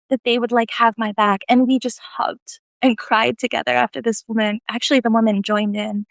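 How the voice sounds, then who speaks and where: Woman, casual live-video storyteller, lively and self-deprecating, dry close sound. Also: a little high, moderate pace, vocal fry, no room sound. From United States. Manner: animated, laughing, self-deprecating.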